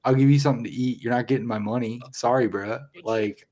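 A man's voice: mid-range voice, fairly even intonation, fast, warm tone. A man co-hosting a casual movie commentary, blunt and profane, laughing often. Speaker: podcast co-host.

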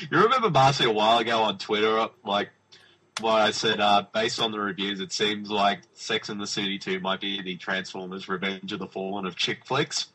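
A man's voice: on the low side, normal speed, bright, forceful tone, breathy edge, rough recording. An Australian man co-hosting a casual podcast, giggling between his lines. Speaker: podcast co-host.

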